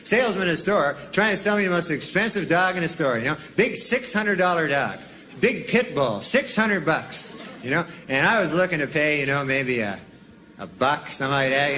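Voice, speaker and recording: A man doing a stand-up routine in a rambling, deadpan way, padded with "you know". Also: fairly high pitch, a little hiss or hum. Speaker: stand-up comedian.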